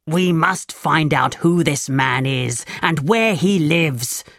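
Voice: mid-range voice, lively intonation, slow, gravelly, fairly bright tone, dry recording, studio quality, exaggerated voice. A reader voicing the angry, commanding male leader of a band of thieves in a storybook reading, giving stern orders.

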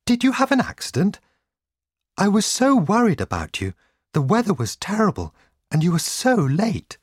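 A man's voice: sits high, huge pitch swings, moderate pace, slightly rough, no room sound, studio quality, voice pushed up, full character voice. A man voicing an anxious, caring wife in a raised, fretful voice. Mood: worried. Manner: fretful, breathless worry. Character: anxious middle-aged lady, caring wife.

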